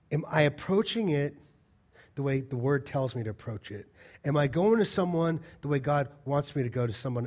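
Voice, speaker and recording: A man with a voice on the high side delivers a pastor's sermon full of rhetorical questions. He moves back and forth between loud, emphatic statements and quiet asides.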